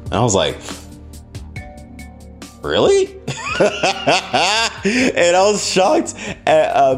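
A man hosting a podcast, telling a story casually, laughing often and swearing freely. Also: lowish voice. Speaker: podcast host.

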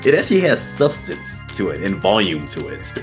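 This podcast co-host has a low voice and talks fairly fast while music plays behind him. He tells stories in a relaxed, chatty way, animated throughout and laughing often.

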